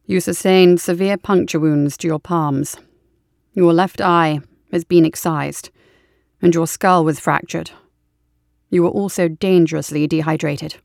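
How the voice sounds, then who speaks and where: A composed young military doctor from a storybook, speaking calmly and clinically in a lowered, low-pitched voice, as a woman reads his part. The recording is close and dry, with no room sound around the voice. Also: gravelly, no room sound. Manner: calm, measured, clinical. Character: young male army field surgeon, composed.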